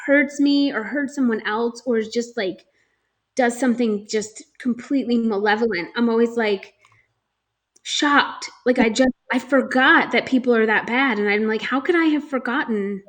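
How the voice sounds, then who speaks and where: A woman's voice: a little high, normal speed, a bit bright. A young woman from New Jersey co-hosting a casual talk show, chatty with lots of fillers and frequent laughs. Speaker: podcast co-host. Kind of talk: casual chat.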